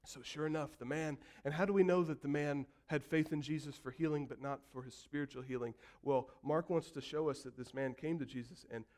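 A man preaching a sermon, telling the story vividly and acting out voices, building from quiet to loud calls. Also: fairly high pitch, steady tone, brisk, hardly any pauses. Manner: storytelling preacher, acts out quotes and builds to shouts. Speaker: pastor.

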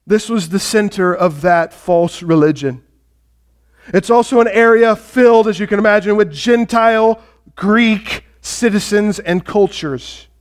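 A man's voice: high-pitched, measured pace. A male pastor preaching a sermon and retelling a story with drama, speaking directly to the congregation.

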